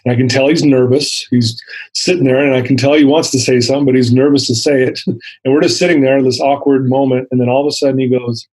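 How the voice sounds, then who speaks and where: A man's voice: medium pitch, steady tone, fast, darkish tone, low-quality recording. Male interview guest in his fifties. Earnest storyteller who acts out the quotes. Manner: earnest, vivid retelling with acted-out quotes. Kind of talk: personal storytelling.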